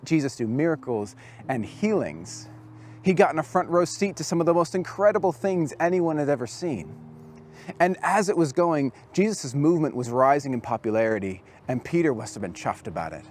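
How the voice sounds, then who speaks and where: A man preaching to young people as a camp speaker, telling the story with lively acted-out quotes. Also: fairly high pitch. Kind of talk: storytelling sermon to youth.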